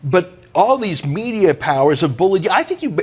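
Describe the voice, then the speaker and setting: A man's voice: high-pitched, big pitch swings, moderate pace, slightly rough. A man interviewing on television, talking in a persuasive, opinionated way. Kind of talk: sympathetic TV interview.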